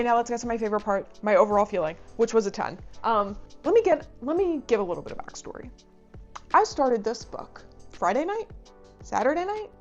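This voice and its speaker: Young female vlog host, gushing and chatty, slightly high-pitched, lo-fi sound. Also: a little mellow. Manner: bubbly, gushing, rambling with "like" fillers. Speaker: book reviewer and channel host. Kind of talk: casual vlog chat.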